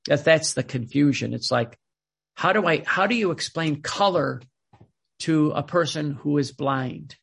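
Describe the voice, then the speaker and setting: A man's voice: a little high, measured pace, gravelly, a bit bright, slightly rough. A man giving an informal sermon with readings, speaking emphatically and often restarting and repeating words. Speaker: preacher reading from a spiritual book.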